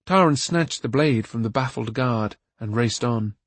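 A man narrating a fantasy novel aloud in a steady, even storytelling manner. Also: mid-range voice, unhurried, no echo. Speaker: audiobook narrator. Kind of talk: scripted narration.

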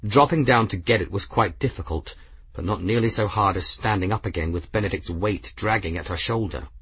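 Husky low-voiced male narrator. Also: a little fast, fairly bright tone, no room sound. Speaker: audiobook narrator. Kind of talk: scripted narration.

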